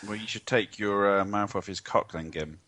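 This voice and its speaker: A man's voice: fairly low pitch, normal speed, a bit bright. A man co-hosting a football fan podcast, giving rambling, opinionated takes in casual chat. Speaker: podcast co-host.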